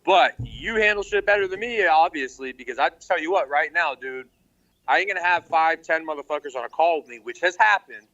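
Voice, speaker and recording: Bright-voiced man on a dull line. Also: a little high, expressive, brisk. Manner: profane, frank. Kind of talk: casual chat. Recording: dull lo-fi sound.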